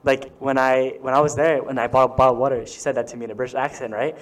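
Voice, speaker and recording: A young man in a casual chat, rambling through an animated story with lots of fillers. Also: mid-range voice, fast talker. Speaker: friend in group chat.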